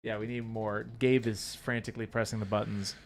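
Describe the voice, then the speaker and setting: A man's voice: on the low side, level tone, brisk, a little hiss or hum. A man co-hosting a live hobby stream, reading out viewer comments and trading jokes with his co-hosts. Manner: joking, teasing banter. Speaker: co-host reading viewer chat.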